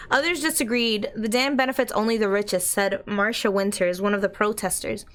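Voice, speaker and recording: A woman's voice: mid-range voice, fairly even intonation, fairly quick, few pauses, a bit bright. A young adult woman streaming a story game, chatting casually with giggles and gushing thanks to her viewers. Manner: bubbly, giggly, gushes at chat. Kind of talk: casual gameplay commentary.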